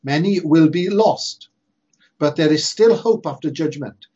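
A preacher delivers an emphatic sermon, leaning hard on slow, repeated phrases. His voice is somewhat husky and sits a little high. The recording sounds dull and lo-fi. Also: warm tone. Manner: earnest, emphatic preaching with slow stressed repetitions.

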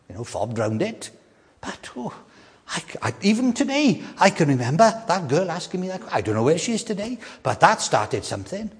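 An older man preaching a sermon with an animated delivery, often repeating words and slowing down to stress key questions. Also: medium pitch, long reverb tail.

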